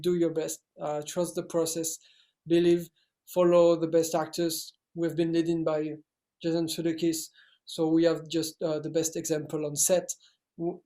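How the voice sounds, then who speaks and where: A young man speaking English with a French accent, his voice a little raised in pitch and carrying a gravelly edge. He answers casual interview questions, pausing often and restarting his phrases. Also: dark tone. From France. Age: young adult. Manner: hesitant, many fillers and restarts. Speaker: actor guest.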